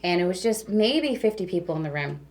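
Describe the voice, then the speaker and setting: A woman's voice: on the low side, expressive, a little fast, darkish tone. A woman who works as a radio DJ, a guest telling stories in a chatty way, full of fillers. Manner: chatty, full of "like" and "you know". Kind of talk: casual storytelling.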